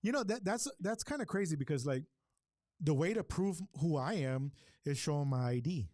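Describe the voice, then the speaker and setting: A man's voice: on the high side, expressive, moderate pace, a little mellow, no echo, studio quality. A man with a Hispanic accent co-hosting a casual livestream chat, rambling and repeating himself in a chummy way. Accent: Hispanic English. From Hispanic heritage, Texas. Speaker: show co-host.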